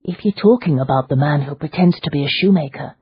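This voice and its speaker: A woman reading an audiobook voices a calm, determined young Victorian heroine who speaks gently but firmly. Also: low-pitched, fairly quick, husky, lo-fi sound. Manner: gentle but firm, soothing. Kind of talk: audiobook character voice.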